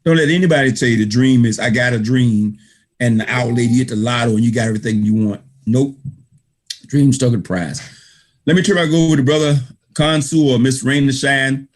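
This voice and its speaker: A man speaks over a video call in a middle-pitched voice, delivering an emphatic motivational talk. He drives his points home by repeating key phrases in a preacher-like rhythm. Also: brisk. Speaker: author thanking readers at an online book reading. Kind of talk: motivational speech.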